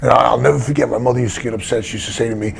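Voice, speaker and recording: A man's voice: mid-range voice, fairly even intonation, very fast, creaky, breathy edge. An older man, a retired wrestler telling stories in a casual interview, blunt and rambling with many restarts.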